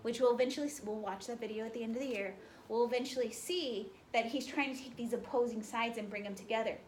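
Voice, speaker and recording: Her voice a little high and her pace quick, a woman teaching history reads out a speech and peppers her students with questions. It's a lecture captured at a distance in the classroom, carrying slight noise.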